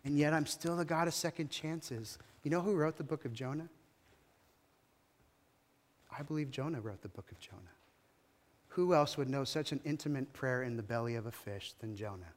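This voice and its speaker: A man's voice: medium pitch, normal speed, pauses often, big-room sound. A male pastor preaching a sermon in a church, telling the story emphatically with dramatic rises and falls. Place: church hall.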